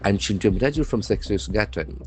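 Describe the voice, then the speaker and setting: A man with an Indian English accent teaching English words from a newspaper, spelling them out letter by letter and repeating each word slowly. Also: fairly low pitch, faint music behind. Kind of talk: newspaper vocabulary lesson.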